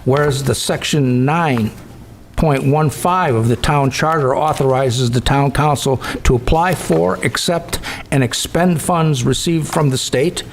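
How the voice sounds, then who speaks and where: A town councilor with a fairly high male voice reads resolutions aloud. His reading is measured and formal. Faint background noise sits behind him.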